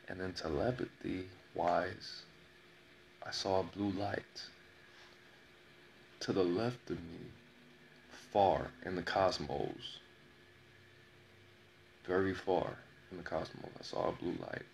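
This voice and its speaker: A very deep, gravelly male voice tells a personal story at an unhurried pace. He leans on repetition and lets pauses hang for dramatic weight. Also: fairly even intonation, slight background noise. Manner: slow, dramatic telling with repeated phrases and pauses. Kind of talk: personal story told to camera.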